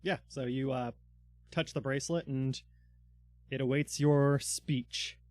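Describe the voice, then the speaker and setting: A man's voice: mid-range voice, steady tone, takes it slowly, darkish tone, dry recording. A man narrating a tabletop game as dungeon master, in loose narration full of fillers.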